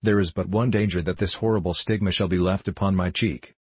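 A man voicing a calm, firm, devoted young wife, speaking slowly and steadily in an audiobook reading. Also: sits low, husky, no echo. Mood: resolute.

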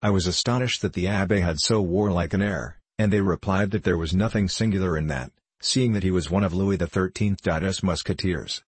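A man's voice: low voice, moderate pace, few pauses, slightly rough, no room sound. A man doing a cold, mistrustful young prisoner. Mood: guarded. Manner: cold, curt, guarded. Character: guarded young male prisoner of noble birth, mistrustful.

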